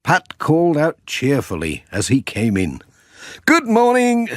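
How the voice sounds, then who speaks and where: Male audiobook reader for kids, slow, expressive, close and dry. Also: mid-range voice, dry recording. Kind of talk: storybook narration for children.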